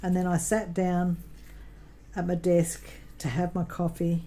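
A woman's voice: fairly low pitch, monotone, a little slow, warm tone, poor audio. An Australian woman vlogging casually at home while crafting, telling a long personal story in a rambling way, with many ums and self-corrections.

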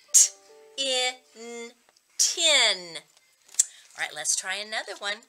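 A woman teacher reading a picture book aloud to young children and slowly sounding out word-family words. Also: medium pitch, sharp tone. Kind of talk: children's read-aloud and phonics lesson.

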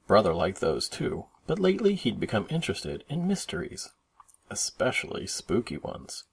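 Dad reading a picture book to his kids, low gravelly voice, very lively pitch. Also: normal speed. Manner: expressive, animated read-aloud. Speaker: parent reading aloud. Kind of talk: children's storybook narration.

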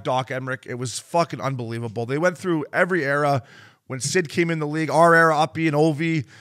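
Profane storytelling man, fairly high voice. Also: a bit bright. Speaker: podcast co-host. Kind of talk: casual sports chat.

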